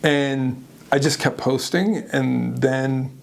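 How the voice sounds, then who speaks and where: A man appears as an interview guest, telling his own story candidly and with animation, often laughing at himself. His voice is gravelly and medium-pitched, and he speaks slowly.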